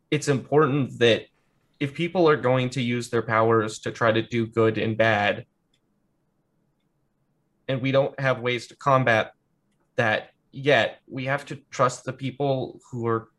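A man's voice: medium pitch, a bit bright. A man voicing an earnest young man about to leave for college in a tabletop game, speaking carefully and hesitantly.

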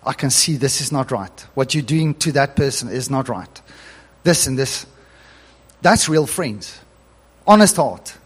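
A middle-aged man preaching a sermon in a church hall, animated and chuckling as he reads scripture aloud. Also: mid-range voice, measured pace, husky. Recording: long hall reverb.

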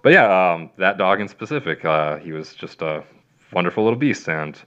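A man's voice: deep voice, lively intonation, normal speed, fairly bright tone, smooth. A man, a veterinarian, casually telling long stories in an interview, rambling with lots of fillers and acting out what people said. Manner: rambling with many fillers and acted-out quotes. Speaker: veterinarian guest. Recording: dull lo-fi sound.

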